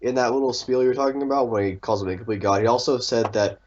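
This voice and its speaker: A man's voice: mid-range voice, steady tone, fast talker, a little mellow, highs cut off, slight background noise. A man co-hosting a podcast, stammering and repeating words in casual discussion over a voice call. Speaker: podcast co-host. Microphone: computer mic over a voice call.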